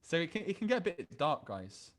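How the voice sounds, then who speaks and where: A man gives a dating masterclass in a blunt, crude way. His voice sits a little high, and he often stumbles and restarts mid-sentence. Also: sing-song, a little fast, fairly bright tone. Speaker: dating coach. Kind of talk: online masterclass talk.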